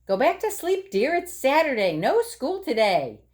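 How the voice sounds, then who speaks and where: Woman doing a high, sweet mama frog, patient, storybook reading. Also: sing-song, normal speed, darkish tone. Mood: soothing. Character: gentle mother frog, patient.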